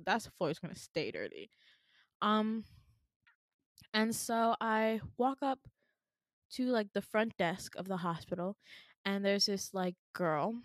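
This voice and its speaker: A young woman in her twenties telling a dream story on her podcast, animated and exasperated, slipping into laughter. Her pitch sits mid-range for a woman. The recording is dry and close. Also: no room sound. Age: 20s. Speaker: podcast host.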